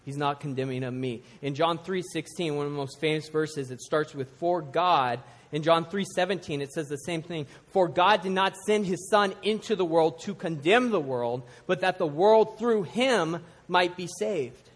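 Middle-aged guy preaching in a church, high-pitched voice, big echoey hall, goes from loud punchy lines to soft hushed stuff. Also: normal speed, few pauses. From United States. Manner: animated, swinging from loud emphasis to hushed intensity. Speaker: pastor. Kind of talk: sermon. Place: church sanctuary. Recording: long hall reverb.

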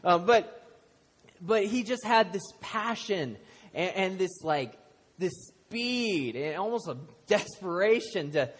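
With lively intonation and a breathy edge, a high-pitched man in his thirties preaches slowly and casually to a congregation. As pastor, he tells stories and makes self-deprecating jokes, his words ringing with the church hall's long reverb.

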